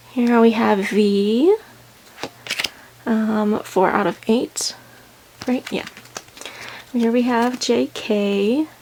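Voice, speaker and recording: A woman talks through an unboxing, out of breath and gushing, with lots of ums. Her voice has a gravelly fry and she speaks at an unhurried pace. A faint hiss of noise sits behind her. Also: medium pitch, darkish tone. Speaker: unboxing vlogger. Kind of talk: casual unboxing chat.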